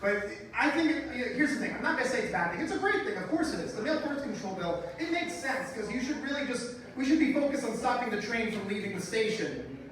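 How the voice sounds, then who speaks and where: A man with a high, bright voice performs a stand-up set on a club stage, brash, profane and mock-outraged. He sounds roomy and from a distance, with an audience laughing clearly around him. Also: big pitch swings, fast. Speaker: stand-up comedian. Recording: roomy live club sound, mic heard from a distance, crowd.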